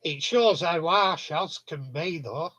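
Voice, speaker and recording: A man, hosting a casual live stream chat. His voice sits high for a man, and he talks slowly. He tells rambling stories and chuckles along the way. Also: pushed and bright.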